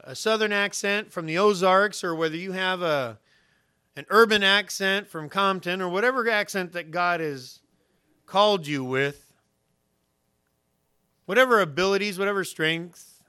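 A man's voice: high voice, measured pace, long pauses, clear, resonant tone. A man pastor preaching a sermon in a casual, conversational way, often asking his listeners questions. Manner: conversational, animated, asks the audience questions.

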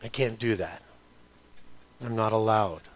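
A man preaching a sermon. He begins quiet and conversational, then turns loud and emphatic. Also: lowish voice, a little slow.

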